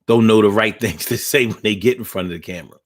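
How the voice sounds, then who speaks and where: A man with a lowish voice talks fast while hosting a casual livestream. He reads viewer comments and rants bluntly and profanely in slangy street talk, sounding preachy.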